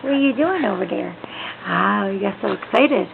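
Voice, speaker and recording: A woman's voice: mid-range voice, expressive, moderate pace, creaky. A young woman filming a baby at home, cooing and talking baby talk in a playful sing-song. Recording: tinny lo-fi home video with noise.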